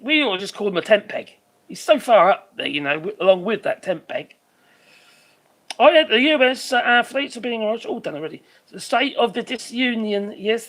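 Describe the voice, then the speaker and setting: A live stream host giving rambling commentary, swearing freely and trailing off while hunting for names. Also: medium pitch.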